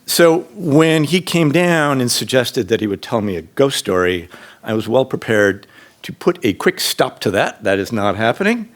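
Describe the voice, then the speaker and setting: A man in his fifties or sixties telling a true story on stage to a live audience, casual and unscripted, jumping to a high excited voice when he quotes himself. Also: normal speed. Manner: casual, with fillers and restarts. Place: stage in a public venue.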